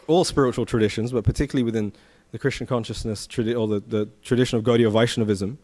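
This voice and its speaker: A man giving a conversational scripture class at a temple, telling the story with rhetorical questions and animated asides. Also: medium pitch, fast talker. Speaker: temple speaker. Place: temple hall.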